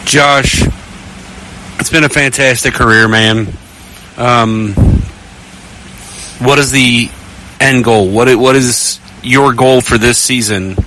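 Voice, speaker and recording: A man's voice: mid-range voice, steady tone, slow, long pauses, pushed and bright, slight background noise, low-quality recording. A man interviewing a player, asking questions in a familiar, friendly manner with small stumbles as he rephrases. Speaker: sideline interviewer. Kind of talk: sports interview.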